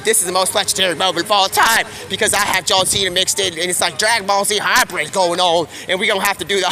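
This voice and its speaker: A man with a high, bright, tense voice spins a rambling, made-up story live on stream, jumping between quoted characters without stopping. He talks in one long improvised flow. Faint traffic noise hums behind him. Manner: rapid stream-of-consciousness, slips into quoted voices.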